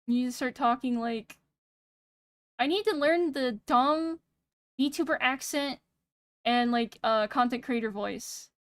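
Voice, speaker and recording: A young woman streaming casual chat, soft-spoken and a bit monotone, rambling and pausing every few words while she thinks. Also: sits high, clear, resonant tone, dry recording. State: sick. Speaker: VTuber streamer. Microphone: streaming mic with noise gate.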